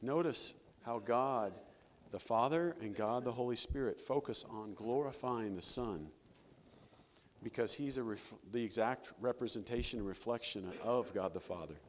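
Male pastor, mid-pitched, chatty sermon delivery with rhetorical questions, recorded in a reverberant hall. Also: moderate pace, slight background noise. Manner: conversational preaching with rhetorical questions.

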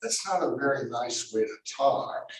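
A man preaching through a Bible passage, animated and full of rhetorical questions, often correcting himself mid-sentence. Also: mid-range voice, normal speed. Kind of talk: expository Bible teaching. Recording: echoey room, mic at a distance.

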